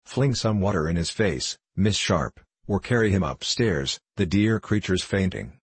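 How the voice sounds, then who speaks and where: A jovial old gentleman who teases without mercy, read by a man. The voice sits deep and a little husky, and the tone stays mocking and playful. It sounds close and dry. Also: lively intonation, unhurried, dry recording, full character voice. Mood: teasing. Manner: boisterous, mocking.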